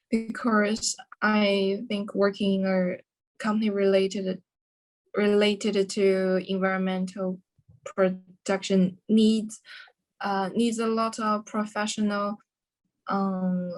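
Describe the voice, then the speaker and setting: A woman's voice: mid-range voice, little pitch movement, a little mellow, rough recording. Hesitant woman with a Chinese accent. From China. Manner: hesitant, halting, many restarts. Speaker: student. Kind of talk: exam speaking practice.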